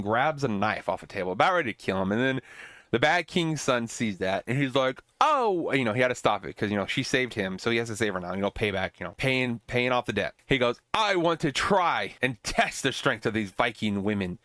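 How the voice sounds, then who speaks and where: A man's voice: mid-range voice, fast talker, a bit bright, no room sound. A man hosting a podcast, recapping an old film in a casual, rambling way with swearing and joking asides. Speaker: podcast host.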